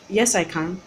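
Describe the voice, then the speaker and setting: A young Nigerian-accented woman vlogging at home, telling her story in an animated, fed-up rant. Her voice sits slightly low, with a faint hiss of background noise behind it. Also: poor audio. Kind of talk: ranting storytime vlog.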